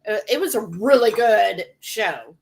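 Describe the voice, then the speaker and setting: A woman's voice: mid-range voice, lively intonation, measured pace, gravelly. A woman co-hosting a live cooking stream, chatting and reading viewer comments aloud. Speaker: cooking show co-host.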